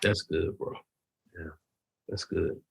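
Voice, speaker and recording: A man, a podcast co-host, in casual chat, giving short, soft affirmations on a dull lo-fi recording. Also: low-pitched, fairly even intonation, takes it slowly, creaky, breathy edge. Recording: dull lo-fi sound.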